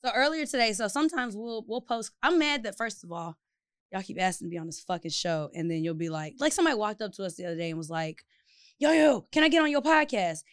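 A woman's voice: mid-range voice, expressive, quick pace, clear, resonant tone, dry recording, clean studio sound. A young adult woman hosting a podcast, ranting outspokenly and swearing in casual chat. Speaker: podcast host.

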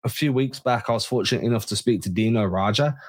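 A man's voice: fairly low pitch, fast. A man co-hosting a sports podcast, giving emphatic opinions in casual chat. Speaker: podcast co-host.

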